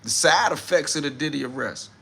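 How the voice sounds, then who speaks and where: Gravelly slangy man talking on a livestream. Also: on the high side, brisk, fairly bright tone, a little hiss or hum. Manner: loose slangy commentary, greets viewers. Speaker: livestream host. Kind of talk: casual live-stream talk reading chat.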